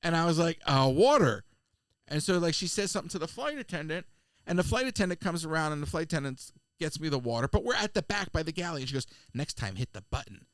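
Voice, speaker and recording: A man, co-hosting a podcast and telling a funny travel story in casual chat, slipping into quick voices of people he met. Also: a little high, lively intonation, fairly bright tone, smooth, no echo. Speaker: podcast co-host.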